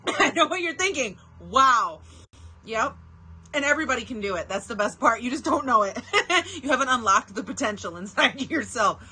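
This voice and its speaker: A young woman chats through her makeup routine in an easy, giggly way. Her voice is bright and forward, and she talks to the camera as if to friends, often teasing herself. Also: a little high, lively intonation, normal speed, slightly rough. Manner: chatty, giggly, self-mocking, talks to viewers directly. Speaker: beauty vlogger. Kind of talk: casual get-ready-with-me chat.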